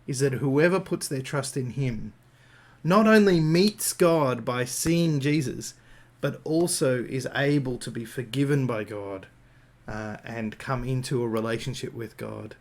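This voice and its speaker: A man's voice: medium pitch, unhurried, darkish tone. An Australian man giving an improvised Christian talk, thinking aloud with frequent fillers and restarts. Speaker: Christian speaker.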